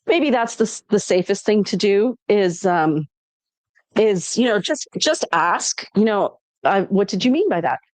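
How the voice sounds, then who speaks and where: A woman co-hosting a casual live stream, animated and acting out what people say. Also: mid-range voice, measured pace, no room sound. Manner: animated, acts out quotes. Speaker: shop live-stream co-host.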